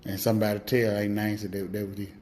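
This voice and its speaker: A man's voice: on the low side, flat delivery. A man with a Mississippi Southern accent, talking casually and folksily to his followers. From Mississippi Delta, US South. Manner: folksy, drawn-out, playful. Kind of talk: casual social media talk.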